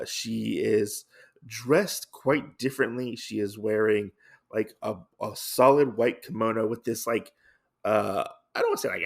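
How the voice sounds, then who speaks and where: Gravelly-voiced male podcast host. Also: fairly low pitch. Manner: relaxed, many filler "uh"s. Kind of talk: casual comic recap.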